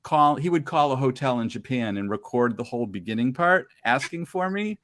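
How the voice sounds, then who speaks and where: A middle-aged man tells old radio stories in an easy, chatty way. He is animated and slips into quick voices for the people in his tale. The sound is dry and close, with no room behind him. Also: medium pitch, no room sound. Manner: animated storyteller, acts out quoted voices. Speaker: podcast guest telling radio stories. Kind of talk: casual storytelling chat.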